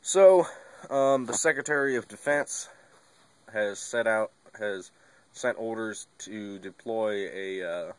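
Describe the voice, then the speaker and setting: A man's voice: on the low side, steady tone, slow, a bit bright, dry recording. A young man talking casually to his camera, rambling and laid-back, with lots of fillers and the odd curse word. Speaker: vlogger. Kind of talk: casual monologue.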